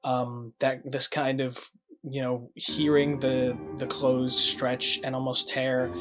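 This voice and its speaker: A man's voice: medium pitch, level tone, slow pace, music in the background. A man narrating as game master of a tabletop game, rambling with many fillers.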